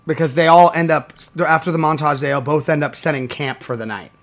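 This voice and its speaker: A young co-host on a casual movie podcast, retelling scenes in an animated way and laughing along. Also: mid-range voice, fairly quick. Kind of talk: casual movie-review chat.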